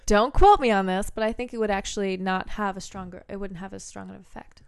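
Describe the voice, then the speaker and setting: A woman chatting casually on a podcast, explaining ideas in a rambling way and often restarting her sentences to correct herself. Her voice has a middling pitch and sits dry and close, with no room sound around it. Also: steady tone, fast, creaky, smooth, no echo. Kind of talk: casual chat.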